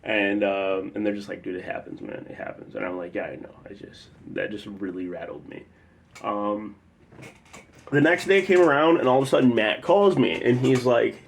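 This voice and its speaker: A young man with a low-pitched voice tells a personal story casually, rambling through fillers and loose asides. He is from the Chicago area, and every so often he jumps into loud, animated quotes of what people said. A faint ambient hum sits under the recording. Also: moderate pace, creaky.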